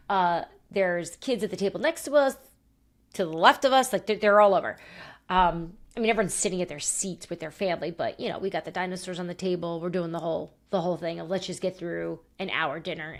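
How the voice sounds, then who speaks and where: A woman in her thirties hosting a podcast, telling a story in a lively, animated way and laughing often. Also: fairly low pitch. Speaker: podcast host. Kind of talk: casual chat.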